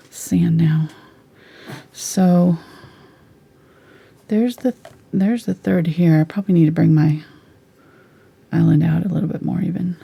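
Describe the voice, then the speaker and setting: A woman giving a live painting lesson, chatty and relaxed, sometimes dropping into soft whispers as she works. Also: mid-range voice, moderate pace, vocal fry, pauses often, slightly rough. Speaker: painting instructor.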